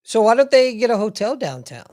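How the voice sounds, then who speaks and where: Man, podcast co-host, short reactions, lively pitch, dry sound. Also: fairly quick, dry recording. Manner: brief reactions and questions. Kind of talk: casual chat.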